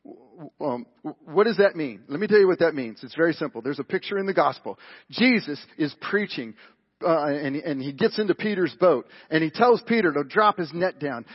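Male pastor, sermon delivery, husky, fairly high voice, muffled lo-fi live-broadcast sound. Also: expressive, moderate pace. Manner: emphatic, rhetorical questions, big swings in loudness.

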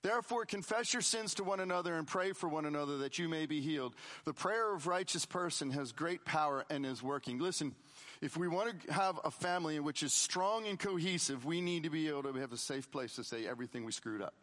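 Man, middle-aged, pastor's sermon, fairly high voice, loud emphasis then quiet asides. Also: a little fast. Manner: conversational preaching, shifts between loud emphasis and quiet asides.

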